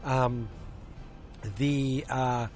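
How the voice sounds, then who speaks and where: A man hosting a casual movie podcast, rambling with lots of fillers and restarts and acting out scenes in quick bursts. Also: mid-range voice, flat delivery, darkish tone, soft background music. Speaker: podcast host. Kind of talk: casual movie review chat.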